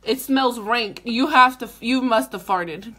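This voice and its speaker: A woman's voice: fairly high pitch, measured pace, sharp tone. A woman who is a mother, vlogging live in a casual, dramatic way with squeals, laughter and cursing. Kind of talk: casual livestream chat.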